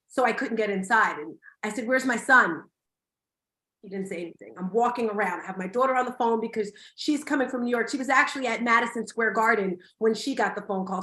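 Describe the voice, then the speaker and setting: A woman's voice: fairly high pitch, fairly bright tone. A middle-aged woman hosting an online summit, telling a personal story to her audience in a heartfelt, emotional way. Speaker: summit host. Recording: echoey room.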